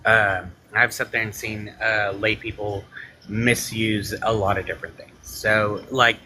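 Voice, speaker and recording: Bright-voiced low man rambling on stream. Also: level tone, a little slow, slight background noise, poor audio. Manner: rambling, filler-heavy, opinionated. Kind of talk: casual live stream debate.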